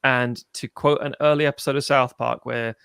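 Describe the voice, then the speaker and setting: A man in casual film chat, animated, swearing freely and mimicking people as he tells a story. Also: medium pitch, normal speed, gravelly, clear, resonant tone, no room sound, studio quality. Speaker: podcast co-host.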